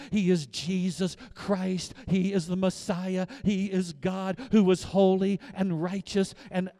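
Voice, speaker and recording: Delivering a sermon, a high-voiced, middle-aged pastor alternates between hushed, intimate asides and booming, repeated declarations that drive his points home.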